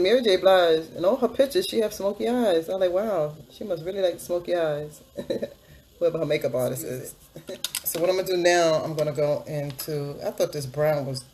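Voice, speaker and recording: A woman's voice: deep voice, a little mellow. A woman vlogger chatting through a makeup tutorial, upbeat and repeating a hype catchphrase as she explains each step. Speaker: beauty vlogger.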